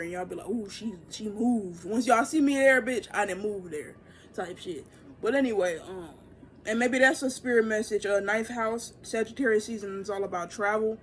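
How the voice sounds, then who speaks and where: A young woman giving a casual, profane oracle reading, loose and chatty, jumping into excited high bursts. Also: a little hiss or hum. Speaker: tarot and oracle reader.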